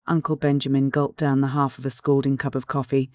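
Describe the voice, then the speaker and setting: An audiobook narrator reading a classic novel in a measured storytelling manner. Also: medium pitch, flat delivery, darkish tone, dry recording, clean studio sound. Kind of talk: scripted narration.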